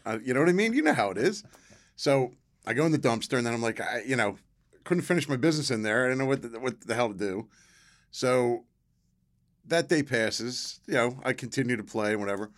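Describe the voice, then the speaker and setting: A middle-aged man, a podcast guest telling stories in a casual, animated way and acting out the voices of the people in them. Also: mid-range voice. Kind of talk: casual storytelling.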